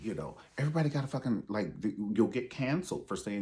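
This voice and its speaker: Man, low voice, very lively pitch, sassy, profane, casual commentary host. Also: fast, hardly any pauses. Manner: sassy, profane, keeps calling listeners honey. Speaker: online show host. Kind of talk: casual pop-culture commentary.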